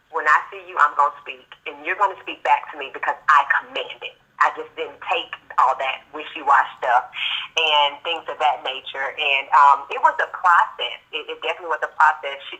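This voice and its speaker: A woman being interviewed, telling a personal story in an earnest, animated way and acting out what people said. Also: sits low, muffled recording. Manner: earnest, animated retelling with acted-out quotes. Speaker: guest.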